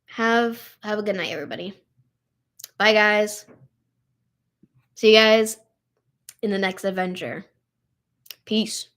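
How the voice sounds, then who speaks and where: A woman's voice: medium pitch, steady tone, takes it slowly, pauses often, fairly bright tone. Tired, emotional young woman streaming. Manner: emotional, tired, heavy use of "like" and "literally". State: tired and upset. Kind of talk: casual live stream chat.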